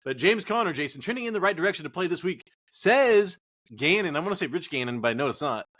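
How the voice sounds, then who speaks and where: A man's voice: fairly high pitch, lively intonation, quick pace, fairly bright tone. A man co-hosting a casual fantasy football podcast, a bit tipsy from drinking, joking, swearing and rambling. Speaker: podcast co-host.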